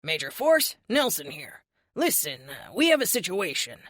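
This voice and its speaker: A woman voicing a brisk middle-aged male army major giving clipped, urgent orders. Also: fairly low pitch, sing-song, a bit bright, dry recording, studio quality. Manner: urgent, clipped military talk.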